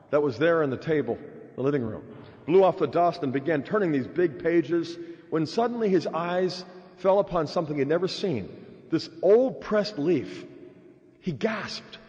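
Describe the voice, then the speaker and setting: Animated preacher in an echoey hall. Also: male voice, a little high, normal speed. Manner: animated, acts out voices in stories. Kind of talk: sermon with storytelling. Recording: dull echoey hall recording.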